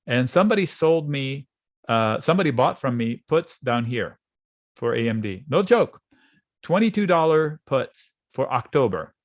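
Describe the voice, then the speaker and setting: A man teaching options trading in a relaxed, conversational way, acting out panicked traders in quick asides while he draws on charts. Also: mid-range voice, no room sound. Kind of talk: screen-share trading lesson. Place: at a computer, drawing on charts.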